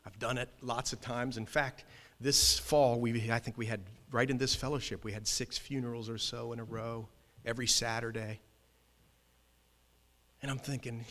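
Animated male pastor, emphatic storytelling sermon, bright and forceful tone, reverberant church hall. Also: mid-range voice. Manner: animated, emphatic, quick restarts.

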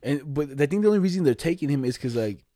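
A man's voice: fairly high pitch, expressive, racing, warm tone, no echo, studio quality. A young man co-hosting a casual podcast chat, slangy and profane, acting out quoted conversations. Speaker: podcast co-host.

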